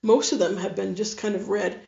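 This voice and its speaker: A woman's voice: medium pitch, fairly even intonation, a little fast, vocal fry, warm tone. A woman interviewer in casual conversation with a guest. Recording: dull roomy recording.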